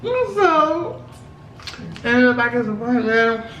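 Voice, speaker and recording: A young woman, telling a story in animated, slangy style while eating, often laughing. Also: mid-range voice, moderate pace, distant mic, lo-fi sound. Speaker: vlogger, co-host. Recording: roomy, off-mic, faint background hum.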